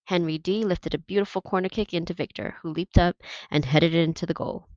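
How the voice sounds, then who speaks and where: Woman reader, steady novel narration, low and gravelly; dry lo-fi take. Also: fairly quick, no echo. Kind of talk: reading a novel aloud. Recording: dull, dry lo-fi recording.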